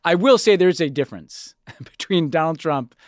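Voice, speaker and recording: Guy co-host on a politics podcast, bit higher voice, keeps restarting sentences, dry close sound. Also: normal speed, no echo. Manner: animated, repeats words when starting sentences. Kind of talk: casual political chat.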